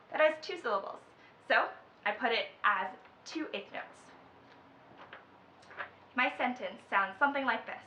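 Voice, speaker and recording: A woman leads a children's music lesson in a bright, forceful voice. She counts each group in and chants the rhythm words on the beat. Her voice rings a little in a roomy space, and the recording sounds slightly dull. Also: on the high side, a little hiss or hum. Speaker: music teacher.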